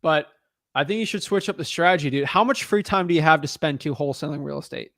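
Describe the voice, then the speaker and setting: A man's voice: on the high side, quick pace, vocal fry, fairly bright tone, dry recording, clean studio sound. A man coaching on real estate wholesaling, blunt and casual, calling people man and dude. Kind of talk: casual advice on a call.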